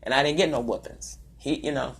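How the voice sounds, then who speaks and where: A middle-aged woman, telling stories in a loud, animated, profane monologue. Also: fairly quick, vocal fry, husky. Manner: loud, animated, profane storytelling with high-pitched quoted voices. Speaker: storyteller. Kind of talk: casual monologue.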